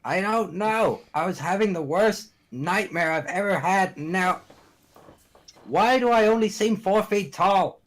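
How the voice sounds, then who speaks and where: A man's voice: high voice, expressive, measured pace. A man voicing a panicked, short male goblin in a thick goblin accent during a tabletop game. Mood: confused.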